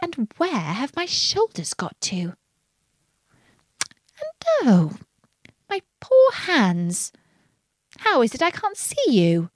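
A woman's voice: high voice, wildly swooping pitch, measured pace, few pauses, no room sound, clean studio sound, pitched above the performer's own voice, full character voice. A woman voicing a bewildered, polite young girl in a storybook reading, earnest and anxious. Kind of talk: storybook read-aloud.

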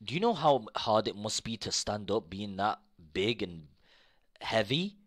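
A young man live-streaming, ranting to his chat in casual talk, swearing freely and repeating himself, jumping between low mutters and loud outbursts. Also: very animated, a little slow.

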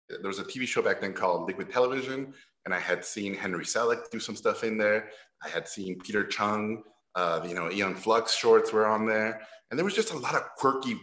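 A middle-aged man from Mexico telling stories at a talk, animated and laughing as he acts out the people he quotes. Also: on the low side. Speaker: guest animator. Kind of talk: casual storytelling at a talk. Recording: roomy echo.

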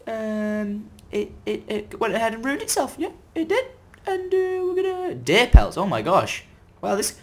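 Man, gameplay commentary, excitable, lively swooping pitch, sudden loud yelps, chatty self-talk. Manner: chatty running self-talk while playing. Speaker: gaming video creator. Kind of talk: let's-play gameplay commentary.

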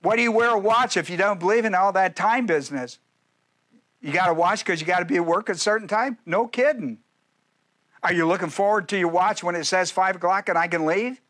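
Quick asides and good-natured ribbing of the listeners fill this folksy, joking sermon from a male pastor. His voice sits high, with a fairly bright tone.

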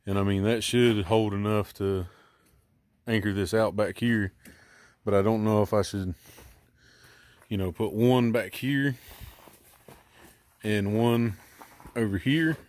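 A middle-aged man with a somewhat low voice walks through a do-it-yourself job outdoors beside his boat. He talks casually and rambles, thinking aloud with plenty of ums, uhs and restarts as he explains his plan. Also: steady tone, measured pace, long pauses, darkish tone, dry recording. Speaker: DIY channel host.

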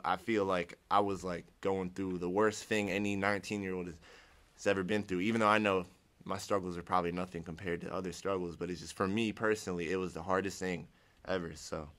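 With a deep, fairly bright voice and fairly even intonation, this young Ohio man talks fairly quickly through his personal testimony. It's casual and rambling, with restarted sentences and reenactments of his own past words.

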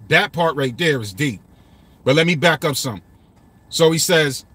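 A man's voice: a little high, normal speed, a bit bright, dry recording. Casual man breaking down lyrics. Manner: loose and repetitive, swearing, quoting lines aloud. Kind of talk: casual commentary.

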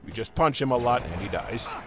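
A man's voice: mid-range voice, expressive, brisk, over music. A man narrating a video game review, sarcastic and profane, breaking into exasperated outbursts.

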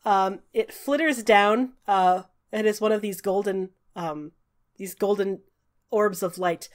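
A woman running a tabletop game, narrating scenes in a descriptive, unhurried way with frequent hesitations. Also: medium pitch. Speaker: game master.

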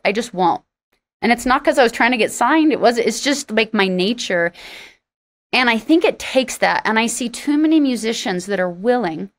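In a casual interview, a woman singer-songwriter tells her story candidly and a little sarcastically. She acts out quoted lines, her pitch jumping widely.

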